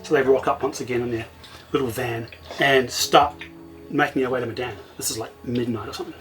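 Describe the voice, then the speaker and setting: A man's voice: mid-range voice, steady tone, fairly quick, a bit bright, soft background music, low-quality recording. A middle-aged man, a guest recounting events casually and vividly, often acting out what he said at the time. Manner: vivid retelling, often quoting himself. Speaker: interview guest. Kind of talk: casual storytelling.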